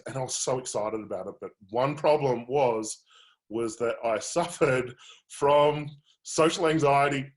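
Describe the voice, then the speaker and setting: A man coaching through a live webinar, telling his own story in a candid, animated way. His voice sits at an ordinary middle pitch, and he talks with plenty of fillers and restarts.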